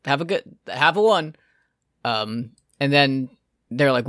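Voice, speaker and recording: Animated man recapping an episode. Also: medium pitch, takes it slowly, no echo, studio quality. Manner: animated recapping, acting out lines for laughs. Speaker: podcast co-host. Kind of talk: casual chat recapping anime.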